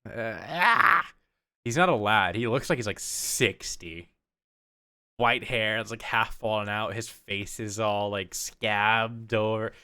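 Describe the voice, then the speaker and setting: A man narrating as game master in a tabletop game, animated and laughing often. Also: on the low side, slow, slight background noise.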